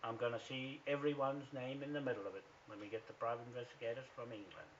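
A man's voice: medium pitch, steady tone, fast, few pauses, a little hiss or hum. A man with a New Zealand accent, ranting defiantly straight to camera, accusing people by name and swearing as he goes. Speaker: activist vlogger. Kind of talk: angry direct-to-camera rant. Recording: dull lo-fi recording.

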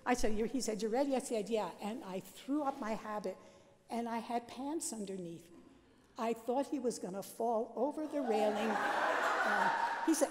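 An older Catholic sister telling her life story at a worship service, lively and self-mocking, laughing often. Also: on the high side, normal speed, big-room sound, very noisy. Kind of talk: storytelling talk. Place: large seminary chapel.

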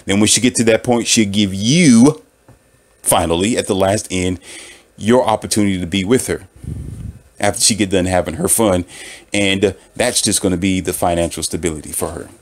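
Speaking at a moderate pace in a low voice, a man offers relationship advice to his listeners in a casual monologue. He's animated and preachy, piling on rhetorical questions and frequently laughing at what he's just said.

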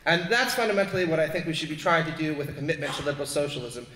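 A man's voice: fairly high pitch, expressive, rapid-fire, pushed and bright, slight background noise. A man making an earnest argument at a panel talk in a lecture hall. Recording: echoey hall with long reverb.

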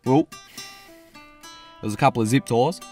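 An actor voicing a laid-back Australian mate in an adult cartoon, rambling through a sweary story. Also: male voice, medium pitch, lively intonation, moderate pace, warm tone, soft background music, natural voice.

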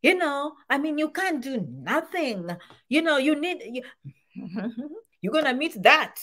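A woman's voice: sits high, very animated, slow, fairly bright tone. A woman giving casual advice to camera, full of rhetorical questions and repeated points. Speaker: immigration advice vlogger.

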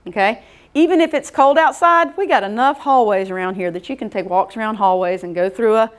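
A woman's voice: a little high, brisk, smooth. A middle-aged woman giving a casual workshop lecture, folksy and conversational, often checking in with the audience. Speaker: workshop presenter.

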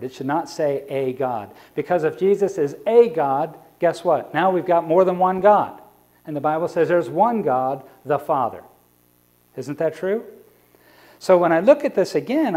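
A man's voice: on the high side, a little mellow. A man preaching a sermon as an evangelist, explaining scripture and asking the congregation rhetorical questions.

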